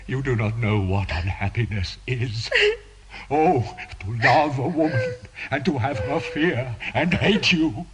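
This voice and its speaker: An actor playing a tormented, obsessive priest in a radio drama, pleading and anguished, swinging between hushed murmurs and shouts. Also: male voice, medium pitch, slow pace, natural voice, low-quality recording. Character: tormented obsessive male priest, middle-aged.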